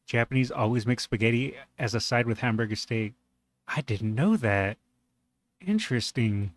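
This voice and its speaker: A man hosting a reaction video, musing aloud in a relaxed way and laughing easily. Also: medium pitch, moderate pace. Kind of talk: casual reaction commentary.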